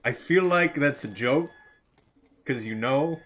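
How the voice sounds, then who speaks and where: A man giving casual live commentary while playing a game, chatty and quick to burst into excited laughter. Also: mid-range voice. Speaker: streamer.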